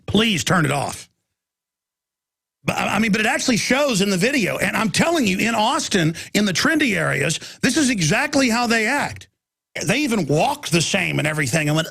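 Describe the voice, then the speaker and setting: A man's voice: high-pitched, big pitch swings, normal speed, gravelly, a bit bright, husky. A man hosting a radio talk show, telling a long rambling story in a ranting monologue. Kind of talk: ranting monologue with mocking impressions.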